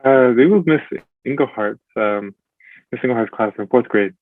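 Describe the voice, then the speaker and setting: A man's voice: mid-range voice, no echo, narrow, tinny audio. A man as a podcast guest in casual chat, recalling his past hesitantly. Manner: hesitant, recalls things slowly.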